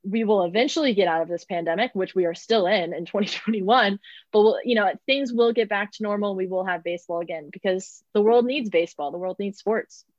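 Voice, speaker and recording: A woman's voice: medium pitch, a little fast, a little mellow, no room sound, muffled recording. A young woman who calls minor league baseball games, answering interview questions in a chatty way with lots of fillers. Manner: chatty, many fillers, laughs often.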